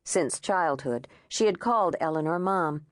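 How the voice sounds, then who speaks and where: A woman narrating an audiobook in a measured, expressive storytelling manner on a close studio mic. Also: sits low, no room sound.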